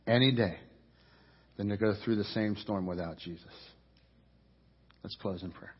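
Husky-voiced male pastor preaching in a reverberant hall. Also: fairly low pitch. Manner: emphatic preaching, swelling louder on key points and repeating phrases. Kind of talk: sermon. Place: church sanctuary. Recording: dull audio with long reverb.

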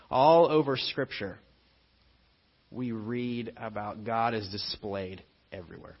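A man's voice: fairly low pitch, slow pace, husky, big-room sound. Pastor man preaching, dull lo-fi sound. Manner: animated, joking storyteller who acts out scenes. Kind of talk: sermon with personal storytelling. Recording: dull lo-fi sermon recording.

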